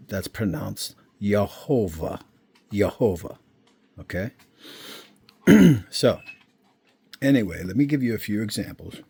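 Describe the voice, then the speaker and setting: A man giving an informal Bible lesson, explaining slowly and checking in often with his listeners. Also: lowish voice, warm tone, husky, no echo. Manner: slow, unhurried explaining with frequent check-ins. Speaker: Bible teacher. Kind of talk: informal screen-share teaching.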